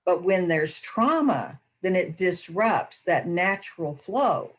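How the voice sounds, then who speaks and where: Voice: medium pitch, lively intonation, slow. Thoughtful explaining panelist. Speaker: discussion panelist. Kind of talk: reflective spiritual discussion.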